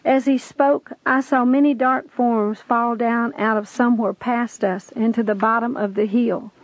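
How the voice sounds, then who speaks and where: In a low-quality recording, a woman with a slightly high voice and fairly even intonation speaks a little slowly. She narrates her testimony in a preaching manner, earnest and pleading, begging the listener to believe her story.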